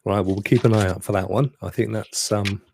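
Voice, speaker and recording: A man's voice: lowish voice, steady tone, brisk, creaky, a little mellow, a little hiss or hum. A man co-hosting a live gaming stream, chatting casually with rhetorical asides and frequent laughs. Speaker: podcast co-host.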